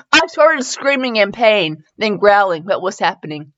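A woman's voice: mid-range voice, normal speed, hardly any pauses, no room sound. A woman hosting a comedic reading of fanfiction, switching between dramatic narration and incredulous commentary. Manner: animated, breaks into laughter and mock outrage. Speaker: host reading fanfiction aloud. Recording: dull lo-fi dry recording.

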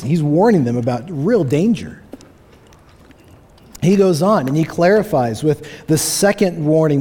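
A pastor in a church sanctuary preaches with a fairly high, warm male voice. He is earnest and emphatic, often repeating key phrases to give them weight.

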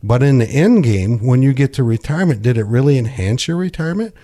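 A middle-aged financial coach on a radio talk show, explaining things conversationally with frequent restarts. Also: male voice, mid-range voice, lively intonation, quick pace, warm tone.

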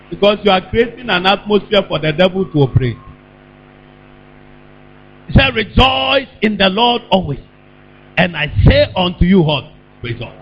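A man preaches in a high, widely swinging voice, taking his time and drawing words out. He throws questions to the congregation and now and then breaks into a shout. The recording is dull and lo-fi, with a steady mains hum underneath. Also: a little slow, pauses often, breathy edge. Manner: call-and-response preaching, bursts of shouting. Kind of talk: sermon.

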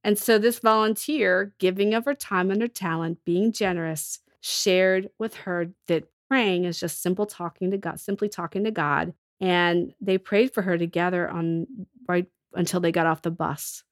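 A woman's voice: fairly low pitch, fairly even intonation, moderate pace, no echo, clean studio sound. A woman with a cold, telling earnest stories as a ministry leader in a casual podcast chat. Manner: earnest storytelling with restarts. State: has a cold.

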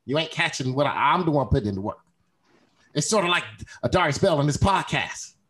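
A man's voice: fairly high pitch, animated, fairly quick, fairly bright tone, a little hiss or hum. A man co-hosting a podcast, ranting bluntly and animatedly with swearing. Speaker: podcast co-host. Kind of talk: casual podcast rant.

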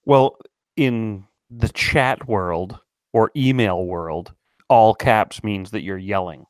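A man co-hosting a podcast in casual banter, with wry, deadpan humor, steering the talk. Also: on the low side, slow pace, no room sound, clean studio sound. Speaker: podcast co-host.

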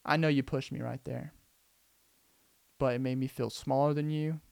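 A man voicing a schoolgirl who calmly reasons through being bullied, speaking softly and thoughtfully. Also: mid-range voice, vocal fry, no echo, close to an everyday voice. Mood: calm, reflective. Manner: soft, slow, thoughtful inner monologue.

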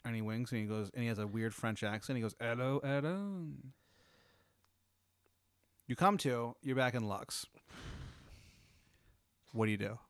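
A man improvising an absurd comedic scenario, rambling and halting with lots of restarts. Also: on the low side, fairly even intonation, fairly bright tone, clean tone, dry recording. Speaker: host telling a hypothetical.

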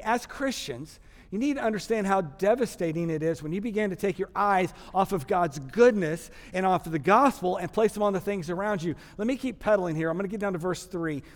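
A pastor from Texas with a Texan accent, preaching a sermon with animated, humorous storytelling. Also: male voice, high voice. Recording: long hall reverb.

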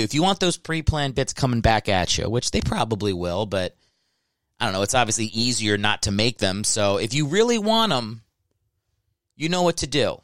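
A man in his thirties from Ohio hosts a solo podcast, rambling and cracking profane jokes. His voice is smooth and clean, close on the mic in a dry, dead room. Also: mid-range voice, a bit bright, no echo. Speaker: podcast host and stand-up comedian. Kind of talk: casual solo podcast monologue. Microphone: close microphone.

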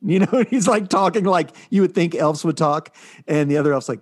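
A man's voice: fairly high pitch, fairly quick, darkish tone. A man co-hosting a podcast, chatting casually and rambling through stories with lots of fillers. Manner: rambling, filler-heavy storytelling. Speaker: podcast co-host reviewing comics. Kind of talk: casual chat.

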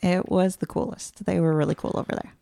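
A woman's voice: on the low side, fairly even intonation, brisk, gravelly, dark tone. A woman co-hosting a podcast, telling a travel story in a chatty, giggly way. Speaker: podcast co-host. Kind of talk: casual podcast chat.

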